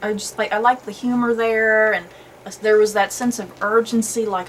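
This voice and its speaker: A woman host leads a relaxed conversation with a fairly high voice, laughing often and letting her pitch jump around. A faint hiss sits under the recording. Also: normal speed, rough recording. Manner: chatty, laughs often, lively swings in pitch. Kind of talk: casual chat.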